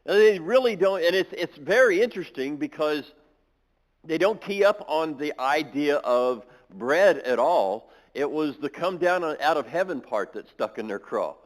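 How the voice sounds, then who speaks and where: A pastor giving a sermon in a church, reading scripture aloud and then explaining it with small restarts. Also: male voice, on the high side, expressive, a little slow, poor audio.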